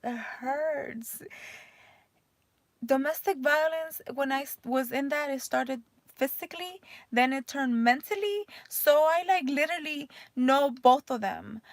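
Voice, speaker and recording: A woman's voice: high voice, gravelly, a bit bright, dry recording. A woman in her thirties, a mother, talking candidly in a rambling personal vlog full of fillers. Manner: emotional, voice rising and cracking near tears.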